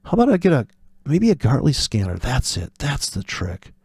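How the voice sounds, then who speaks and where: A man's voice: mid-range voice, huge pitch swings, normal speed, a little mellow, husky, dry recording, clean studio sound. A man hosting a trading video, talking in a rambling, sardonic, profane way, drifting off on tangents and acting out imagined voices. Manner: acts out imagined voices in quotes. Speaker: forex trading video host. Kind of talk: rambling casual monologue.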